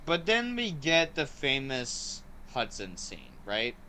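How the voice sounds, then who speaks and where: A man hosting a podcast, chatting casually and excitedly about a movie, with lots of "like" and "um" fillers. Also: medium pitch, slow pace, a little hiss or hum. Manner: excited and rambling, heavy use of "like" and "um". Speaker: podcast host. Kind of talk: casual movie review chat.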